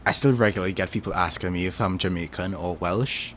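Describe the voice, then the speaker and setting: Trinidadian guy w a deep voice, rambly easygoing stream chat, lots of likes and ums. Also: a little fast, a bit bright, slight background noise. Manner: rambling, thinks aloud with many fillers. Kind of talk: casual chat.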